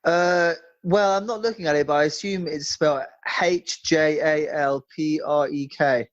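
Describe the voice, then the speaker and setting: A man's voice: fairly high pitch, steady tone. Teasing man on dull call audio. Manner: chatty, teasing, quick to question. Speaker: podcast co-host. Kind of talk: casual chat. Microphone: video call.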